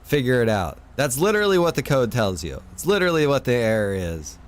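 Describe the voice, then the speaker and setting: A man's voice: mid-range voice, big pitch swings, brisk. A man talking casually to his stream viewers, venting and swearing while he tells a frustrated story. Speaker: streamer and server owner.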